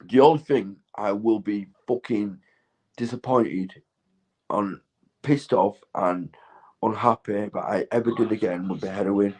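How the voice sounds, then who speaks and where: A man's voice: fairly low pitch, unhurried, a little mellow, slightly rough, rough recording. A man, stoned, rambling in a casual vlog monologue, swearing heavily and laughing often. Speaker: vlogger.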